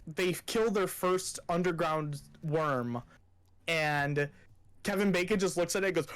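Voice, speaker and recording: With a high-pitched voice at a moderate pace, a young podcast co-host keeps the chat casual, bubbling over with excitement and cursing liberally.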